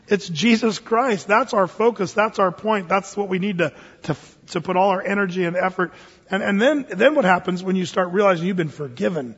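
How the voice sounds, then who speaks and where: Husky-voiced male pastor in an echoing hall. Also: a little fast. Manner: animated, emphatic preaching that drops soft and low into prayer. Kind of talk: sermon and closing prayer. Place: church sanctuary. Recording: muffled recording in a reverberant church hall.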